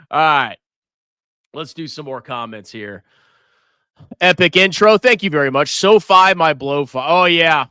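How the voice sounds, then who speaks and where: Brash mocking finance host, bright voice. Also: male voice, a little high, lively intonation, a little slow, long pauses, clean tone, no echo, studio quality. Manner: brash, mocking, laughs often. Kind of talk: casual market commentary.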